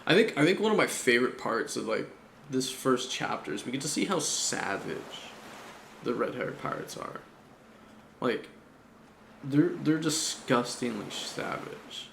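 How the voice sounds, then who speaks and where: A man's voice: mid-range voice, animated, moderate pace, vocal fry, fairly bright tone. A man recapping an anime chapter in a casual, slangy, profane chat, laughing often. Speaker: anime reviewer. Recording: echoey room with faint hum.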